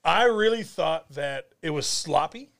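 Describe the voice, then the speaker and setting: A man's voice: fairly high pitch, animated, a little slow, a bit bright. A man speaking bluntly as a guest on a movie podcast in casual chat. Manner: blunt, opinionated.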